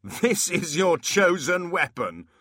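A man's voice: medium pitch, very animated, slow, pushed and bright, no echo, clean studio sound, pitched above the performer's own voice, exaggerated voice. A man voicing a mocking, bullying male demon leader who taunts a small imp. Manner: taunting, jeering.

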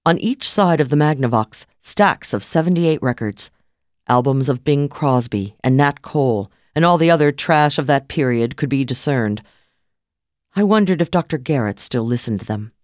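A woman's voice: deep voice, no echo. Woman narrating dryly and wryly. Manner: dry, wry first-person telling. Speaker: audiobook narrator. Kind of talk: scripted narration.

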